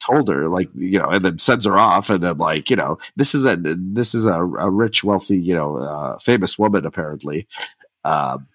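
Low-voiced man chatting casually. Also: expressive, moderate pace, fairly bright tone, no echo. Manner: chatty, heavy use of "like" and "you know". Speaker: podcast guest. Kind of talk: casual discussion.

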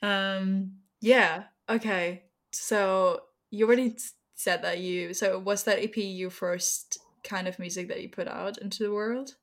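Young woman host, non-native English speaker, mid-pitched, chatty loose questions. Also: steady tone, measured pace, hardly any pauses. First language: not English. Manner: chatty, laughs often, loose phrasing. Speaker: interviewer. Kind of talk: casual interview chat.

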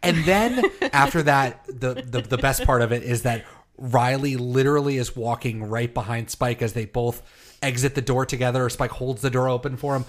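A man's voice: medium pitch, moderate pace. A man co-hosting a podcast in casual chat, laid-back and joking, often laughing as he talks. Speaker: podcast co-host.

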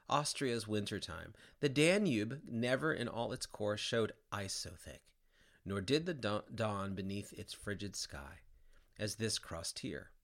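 A man giving an expressive, theatrical reading of epic poetry. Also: lowish voice. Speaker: reader.

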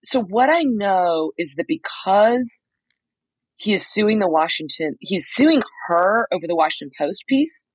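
A woman co-hosting a podcast from a motel room, telling a story in casual chat with quick asides. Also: medium pitch, animated, breathy edge, no room sound, low-quality recording. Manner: chatty storyteller, quick asides and acted-out quotes. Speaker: podcast co-host reporting from a trial.

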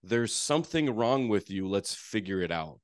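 A man's voice: on the low side, expressive, moderate pace, no echo, clean studio sound. A man with a North Dakota accent, a therapist guest telling his story in a chatty, self-deprecating way. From North Dakota, USA. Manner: chatty and self-deprecating, with frequent "you know". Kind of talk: casual storytelling interview.

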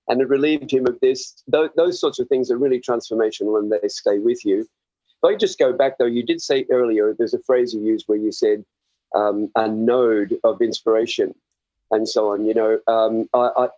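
An older Australian man, an author appearing as a guest, gives earnest, rambling, self-searching interview answers over slightly muffled remote audio. His voice is medium-pitched and dark in tone, with fairly even intonation, a normal speed and no echo.

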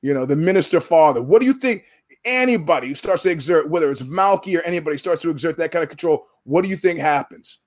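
A man's voice: on the high side, lively intonation, fast. Emphatic, profane male podcast host. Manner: profane, emphatic, repeats words for punch. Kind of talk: casual podcast commentary.

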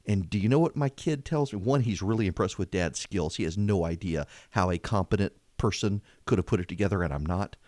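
A man's voice: deep voice, fairly quick, hardly any pauses, a little mellow, dry recording, clean studio sound. A middle-aged man hosting a talk show, telling a story in a casual, self-mocking way, his voice climbing when he gets exasperated.

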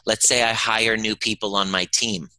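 Earnest male podcast guest, low and very bright voice, dry close-mic sound. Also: little pitch movement, moderate pace, no echo, rough recording. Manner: earnest, emphatic, acts out dialogue in his stories. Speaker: podcast guest, emotional healing teacher. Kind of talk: conversational interview, storytelling.

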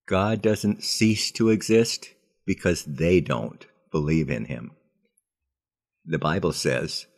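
Man, deep low voice, earnest, measured devotional storytelling, scripture reading. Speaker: devotional podcast host.

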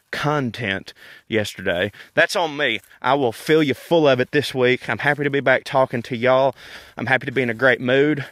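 A man, ranting casually and profanely as a podcast host while walking in a park, wry and animated. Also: medium pitch, no echo, studio quality. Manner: profane, wry and animated, laughing between points.

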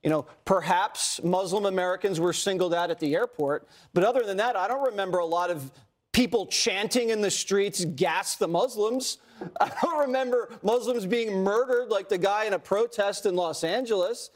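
A man's voice: sits high, moderate pace. A man hosting cable news commentary, talking in a dismissive, glib way. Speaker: TV news host.

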